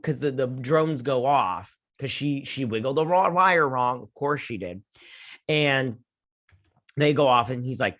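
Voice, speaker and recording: A young man hosting a casual episode review, recapping the plot sarcastically and mocking the characters' lines in quick put-on voices. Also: medium pitch, fairly bright tone. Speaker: show host.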